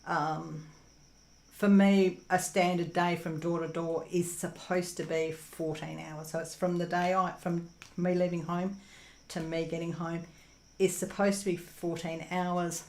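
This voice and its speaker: A woman's voice: on the low side, flat delivery, unhurried, a little mellow, echoey room. A young Australian woman casually chatting through viewer comments while crafting at home, rambling with lots of ums and laughs. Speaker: crafting channel host. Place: home room while diamond painting.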